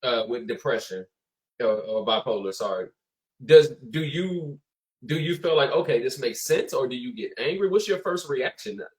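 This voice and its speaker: A man hosting a casual interview, asking open questions with halting restarts. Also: mid-range voice, lively intonation, darkish tone, rough recording. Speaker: podcast host.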